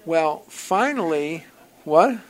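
A man telling a personal story to a group at a recovery gathering, in an animated, wry way that swings from loud outbursts to quiet asides. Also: a little high, slow, rough recording. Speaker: speaker sharing at a recovery program gathering.

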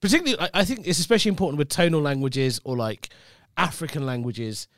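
A man, a guest on a podcast, chatting casually, animated and laughing often, speeding up when he makes a point. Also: a little high, quick pace, dry recording, clean studio sound.

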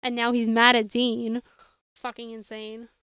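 Woman, podcast co-host, smooth clear voice, dry close sound, sarcastic recap. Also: on the high side, monotone, unhurried, a bit bright, no room sound. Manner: exasperated, sarcastic, reads from notes. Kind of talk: casual recap chat.

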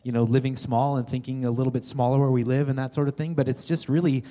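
A man speaking to a church congregation in an easygoing, halting way, with many fillers. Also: mid-range voice, little pitch movement, warm tone. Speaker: church member speaking locally. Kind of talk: church talk. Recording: long hall reverb.

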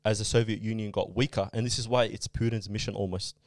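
A low-voiced man rattles through his points at a quick clip, piling on fillers and asides as he explains. The sound is close and dry, with almost no room around it. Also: fairly even intonation, a little mellow, no echo. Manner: rambling, explains with many fillers. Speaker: podcast co-host. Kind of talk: casual podcast chat.

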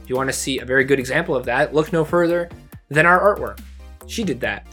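A man's voice: mid-range voice, fast, pushed and bright, soft background music. A man co-hosting a casual podcast, reading out words and definitions with playful asides. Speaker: podcast co-host.

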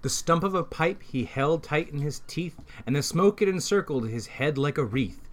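A man's voice: a little high, lively intonation, moderate pace. A man reading a fan story aloud casually, at times stopping to correct himself. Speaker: reader.

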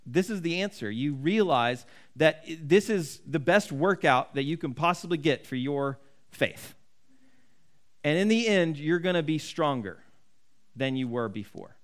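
Earnest preaching man, fairly high voice. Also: expressive, measured pace. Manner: earnest, conversational preaching with restarts and acted quotes. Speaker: pastor. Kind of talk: sermon.

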